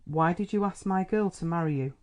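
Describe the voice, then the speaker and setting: A man's voice: sits high, brisk, lightly acted. A man reading an audiobook, voicing a stern, brusque middle-aged country doctor questioning a suitor. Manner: testy and brusque.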